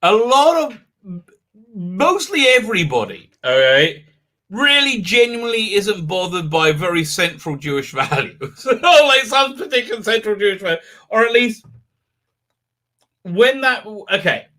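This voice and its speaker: A man's voice: high voice, very animated, measured pace, sharp tone. A man hosting a livestream in casual chat, rambling and restarting often, with laughs breaking into his words. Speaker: livestream host.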